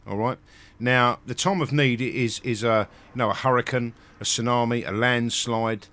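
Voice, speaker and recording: A man's voice: medium pitch, fairly even intonation, moderate pace, fairly bright tone. A man hosting a heated live stream, rambling with many restarts and swearing.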